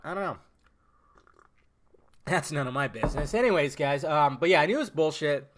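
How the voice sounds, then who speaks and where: A young man hosting his own podcast, chatting casually, swearing freely and swinging between loud outbursts and mumbled asides. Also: fairly high pitch, expressive, fairly quick, long pauses, slight background noise. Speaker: podcast host. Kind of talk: casual solo podcast chat.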